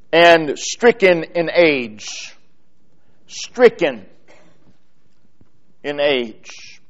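A man delivering a sermon at a very slow, measured pace, leaning on pauses and repeating key words for emphasis. His voice sits a little high for a man. The recording is dull and lo-fi. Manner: slow, deliberate delivery with emphatic pauses, reading scripture aloud. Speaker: preacher.

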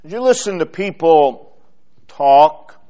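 Slow, deliberate preacher man, lo-fi. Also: a little high, expressive, mellow. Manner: slow, deliberate delivery with emphatic pauses, reading scripture aloud. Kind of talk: sermon. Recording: dull lo-fi sermon recording.

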